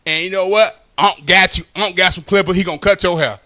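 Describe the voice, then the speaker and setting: Animated male stand-up storyteller. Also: high-pitched, brisk, no echo. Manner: animated, repetitive asides. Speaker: comedian.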